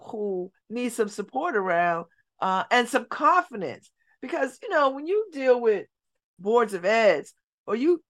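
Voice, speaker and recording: A middle-aged woman hosting a community radio show, telling stories in an animated way and dropping her voice low and soft for emphasis. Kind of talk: casual talk radio monologue. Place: radio studio.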